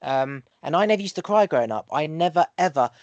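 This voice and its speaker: A man's voice: fairly high pitch, animated, fast talker, a little mellow, no room sound, muffled recording. A man hosting a podcast, talking in an earnest, preachy way, repeating phrases in rhythm and swearing for emphasis. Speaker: podcast host. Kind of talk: casual podcast chat.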